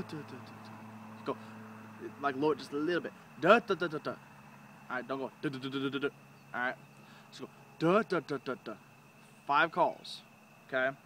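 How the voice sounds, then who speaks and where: Man, informal hobby instructor, slightly high voice, rambling delivery; outdoor recording with cars passing loudly. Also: noisy background. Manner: rambling, informal, demonstrates calls with sounds. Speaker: duck calling instructor. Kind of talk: casual how-to video.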